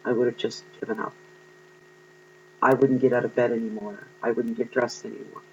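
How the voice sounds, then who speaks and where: A man giving an earnest, encouraging tarot reading to viewers, pausing often with ums. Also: mid-range voice, flat delivery, darkish tone, lo-fi sound, a little hiss or hum. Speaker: tarot card reader.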